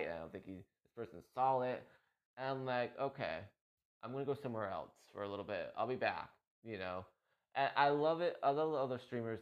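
A man streaming on Twitch, talking to his viewers in a rambling, heartfelt way, often repeating himself and getting emotional. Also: on the low side. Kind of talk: casual heartfelt talk to viewers. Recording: dull lo-fi stream mic.

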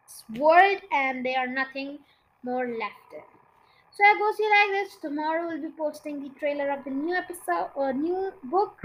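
High, bright female storyteller. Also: poor audio. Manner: chatty, stumbles over words. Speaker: podcast storyteller. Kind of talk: reading a children's book aloud.

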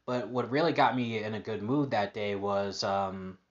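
A man's voice: on the low side, moderate pace, dull audio. A man hosting a casual personal podcast monologue, upbeat and rambling with lots of fillers and restarts. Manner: upbeat, positive. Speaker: podcast host.

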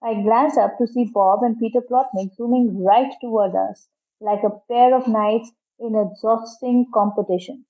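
A woman narrating a detective storybook in a lively, dramatic manner, on a dull lo-fi recording. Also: on the high side, moderate pace. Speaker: story reader.

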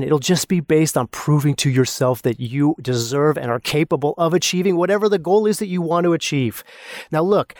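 A man's voice: on the high side, no echo, studio quality. A man hosting a motivational podcast, intensely guiding the listener through a visualization with repeated rhetorical questions and calling him brother. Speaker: podcast host, mindset coach. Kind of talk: motivational coaching monologue.

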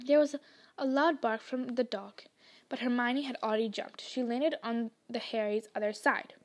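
A woman hosting a podcast and narrating a book chapter in an expressive storytelling manner. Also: fairly high pitch, normal speed. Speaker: podcast reader. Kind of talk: audiobook narration.

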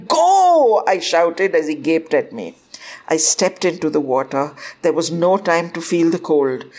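Slow, low-voiced woman telling a story. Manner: expressive, lifts the voice sharply for quoted cries. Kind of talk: first-person story narration.

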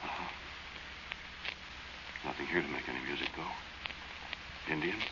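An actor playing a plain-spoken man who tells of a frightening night, narrating slowly and confidingly in a 1940s radio drama. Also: rumbling low, steady tone. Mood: tense, scared. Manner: slow, confiding storyteller. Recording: dull, hissy old radio recording.

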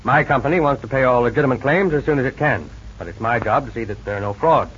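Calm, methodical insurance investigator played by a man, old-time radio drama, dull lo-fi sound with faint hiss. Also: medium pitch, natural voice. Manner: measured, businesslike explaining. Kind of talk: 1940s radio acting.

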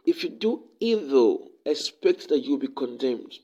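A man's voice: mid-range voice, big pitch swings, unhurried, dark tone, highs cut off. A man giving a devotional sermon and closing prayer, preaching fervently and often repeating words as he builds a point.

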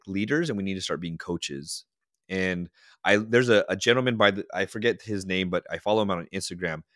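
A man with a low voice talks with energy in a casual interview. The sound is dry and close, and he often slips into quoted dialogue as he tells stories. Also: no echo. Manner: animated storyteller acting out quoted dialogue. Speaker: podcast guest, leadership consultant.

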